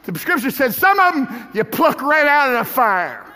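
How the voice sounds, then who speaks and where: A man preaching a sermon as pastor, swinging from shouted climaxes to hushed drops. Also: very high-pitched, big pitch swings, moderate pace, hardly any pauses. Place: church sanctuary. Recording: echoey hall with music and congregation.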